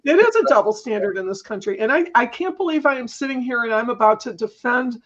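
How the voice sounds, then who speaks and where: A woman's voice: a little high, lively intonation, fast talker, dull audio. A woman on a talk panel, arguing emphatically with apologetic asides. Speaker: panel guest. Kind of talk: casual panel chat.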